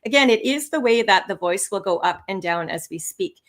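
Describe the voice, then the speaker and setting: On a live webinar, a woman instructor teaches English test skills, her mid-range voice moving briskly with lively, rising and falling intonation.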